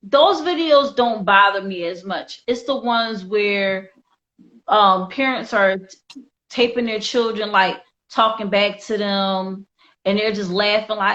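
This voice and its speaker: A woman's voice: medium pitch, slow, a bit bright. A woman hosting a casual discussion show who speaks in an earnest, informal and opinionated way. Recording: slightly dull lo-fi sound.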